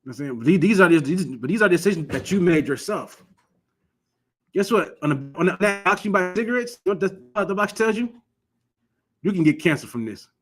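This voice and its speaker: A somewhat high-voiced man from Michigan teaching scripture in an easy, informal way. He presses his points earnestly, repeating words as he restarts his sentences. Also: expressive, fairly quick, a bit bright, faint music behind. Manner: earnest, exhortative, frequent restarts. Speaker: religious law teacher.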